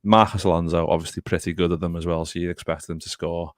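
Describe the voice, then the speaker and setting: A man's voice: low-pitched, little pitch movement, fast talker, dry recording. A man hosting a casual football podcast, rambling, swearing freely and talking to his live chat. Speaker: podcast host.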